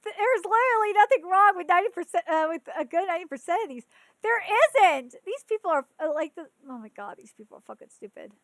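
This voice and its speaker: A woman's voice: extremely high pitch, fast talker, no room sound. A woman in her thirties, a podcast host ranting in a casual, exasperated way, full of "like" and swearing. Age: 30s. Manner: animated, exasperated, filler-heavy with frequent "like" and swearing.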